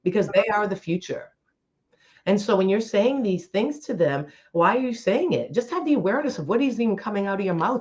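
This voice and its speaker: A woman's voice: mid-range voice, a little mellow. A woman co-hosting a motivational talk show, emphatic and preachy, addressing the listeners directly. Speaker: co-host, workshop leader. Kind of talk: casual motivational chat. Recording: slightly dull lo-fi sound.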